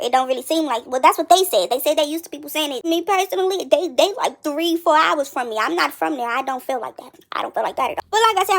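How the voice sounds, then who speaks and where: A woman giving casual commentary on a reality show, chatty and quick to react, full of rhetorical questions. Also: high-pitched.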